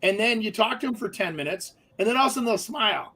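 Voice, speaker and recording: Guy with a pretty high voice, rambly radio chat, lots of um and you know. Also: lively intonation, quick pace, bright, forceful tone, slightly rough. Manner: talkative, many fillers and restarts. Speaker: radio show co-host. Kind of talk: casual radio talk.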